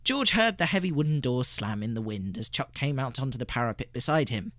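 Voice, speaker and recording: Expressive male storyteller, dry close sound. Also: medium pitch, brisk, dry recording. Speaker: radio show host. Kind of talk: scripted narration.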